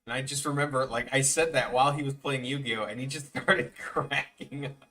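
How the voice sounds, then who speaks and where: A man's voice: medium pitch, fairly even intonation, moderate pace, bright, forceful tone. A young man animating on a live stream, telling rambling, profane stories in casual chat and mimicking people. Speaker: animator streaming his work. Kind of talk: casual storytelling chat while drawing. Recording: voice a bit far from the mic, faint music behind.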